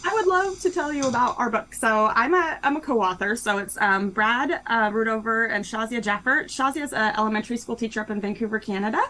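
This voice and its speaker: In a rough recording, a young woman's slightly high, sharp voice runs briskly with hardly any pauses. Interviewed as co-author of a children's book, she stays chatty and cheerful, using lots of "um" and "like."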